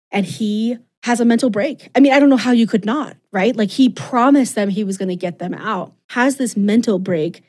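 A woman's voice: medium pitch, warm tone. A woman co-hosting a podcast, retelling a story in casual, enthusiastic chat full of fillers. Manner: enthusiastic, gushing, chatty with many fillers.

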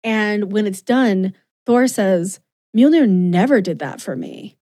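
A woman's voice: mid-range voice, expressive, slow, warm tone. A woman co-hosting a podcast in casual chat, gushing and emotional, acting out quotes as she goes. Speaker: podcast co-host.

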